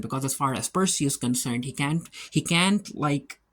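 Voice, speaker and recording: A man's voice: fairly high pitch, moderate pace, few pauses, fairly bright tone, a little hiss or hum. A man giving a casual episode recap as a reviewer, retelling the plot loosely with lots of fillers and quoted lines. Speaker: show reviewer.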